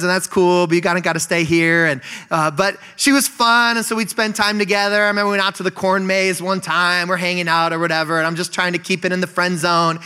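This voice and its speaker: Man, forties, pastor, high voice, bright tone, casual animated sermon. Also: clean tone, in a large hall. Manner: animated, storytelling, frequent asides to the congregation. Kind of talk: conversational sermon.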